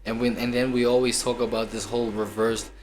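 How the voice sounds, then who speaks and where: A man's voice: medium pitch, little pitch movement, brisk, darkish tone, slight background noise. A man co-hosting a stream, chatting casually in a slangy, rambling and incredulous way. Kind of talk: casual chat.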